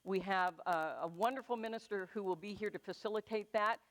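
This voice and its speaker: In a church sanctuary, a minister with a steady, mid-range voice first jokes at her own expense while chatting through announcements. Afterward she guides the congregation through a slow, calming meditation.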